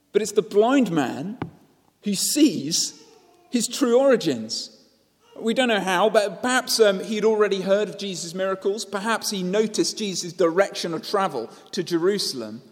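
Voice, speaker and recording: A man's voice: high-pitched, lively intonation, moderate pace, long reverb tail. A man preaching a sermon, telling the story and asking rhetorical questions.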